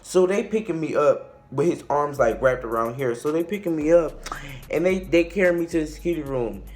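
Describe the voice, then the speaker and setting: A young man telling a casual storytime tale. He is animated and slangy, and he acts out the quotes and the shouting. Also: on the high side, a little fast. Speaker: vlogger.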